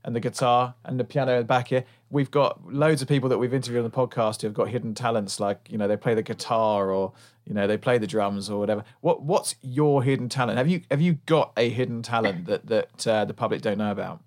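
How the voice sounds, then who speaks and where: A man's voice: medium pitch, fast, a little mellow. Casting: male podcast host, chatty and rambling, mid-range voice. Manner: rambling, stumbling restarts. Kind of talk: casual chat.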